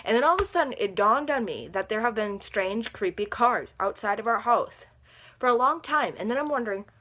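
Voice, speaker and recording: Chatty young woman with a bright voice. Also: fairly high pitch, animated, a little fast. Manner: rambling, chatty, lots of fillers. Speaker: vlogger. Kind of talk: casual storytime vlog. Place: room at home under a lamp.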